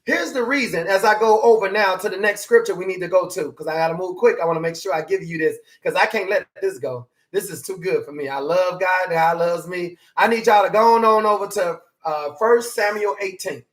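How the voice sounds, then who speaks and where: A man preaching a motivational sermon, animated and hollering, his voice climbing higher as he makes his point. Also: a little fast, few pauses. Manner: voice climbs high when emphatic.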